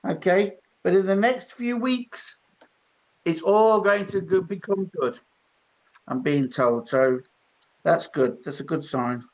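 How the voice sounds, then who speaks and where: High-voiced male psychic, chatty. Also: takes it slowly. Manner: chatty, laughing between readings. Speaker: psychic reader. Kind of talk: live-stream psychic reading. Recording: dull lo-fi stream audio.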